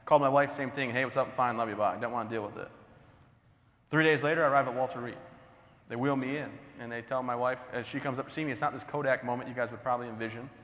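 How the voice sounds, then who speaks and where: Bright-voiced man telling jokey stories. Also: medium pitch, fairly even intonation, fast. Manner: joking, conversational, self-deprecating. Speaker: motivational speaker. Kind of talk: humorous storytelling keynote. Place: large conference hall. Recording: long hall reverb.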